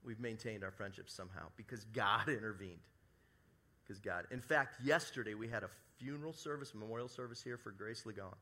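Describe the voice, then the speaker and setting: A man's voice: fairly low pitch, pushed and bright. A middle-aged male pastor preaching a sermon to a church congregation, telling a story with jokey asides. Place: church service before a congregation.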